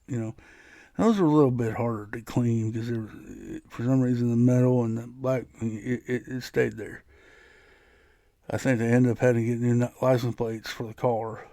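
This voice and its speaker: A man's voice: medium pitch, dark tone, no room sound, clean studio sound. Man telling a rambling personal story. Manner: rambling, frequent restarts and laughs. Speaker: podcast host. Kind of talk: casual storytelling monologue.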